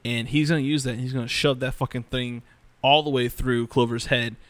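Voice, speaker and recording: Excited, profane podcast guy. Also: medium pitch, brisk, no echo. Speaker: podcast co-host. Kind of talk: casual chat.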